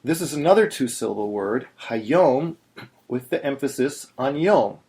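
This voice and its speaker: A man's voice: medium pitch, animated, moderate pace, a little mellow. A man teaching Torah chanting in a plain, patient voice, stopping to sing short chanted examples. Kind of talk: instructional video narration.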